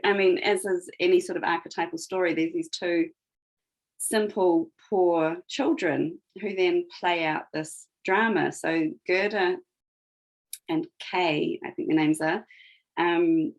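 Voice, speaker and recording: A woman with a lowish voice tells a story in conversation, thinking aloud as she goes. Her retelling is reflective and stresses the moments that matter to her. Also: poor audio. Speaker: guest.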